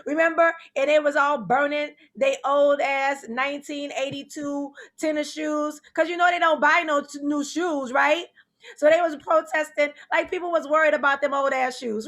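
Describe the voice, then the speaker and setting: A woman with a New Orleans accent hosting a comedy show, animated and laughing through her jokes. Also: high voice, moderate pace. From New Orleans, Louisiana.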